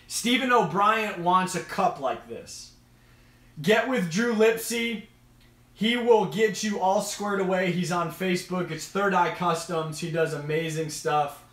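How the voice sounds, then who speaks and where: Bright-voiced, eager man streaming live. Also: a little high, measured pace, roomy sound. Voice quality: enthusiastic, rambling. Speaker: host of an aquarium live stream. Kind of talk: casual live-stream chat.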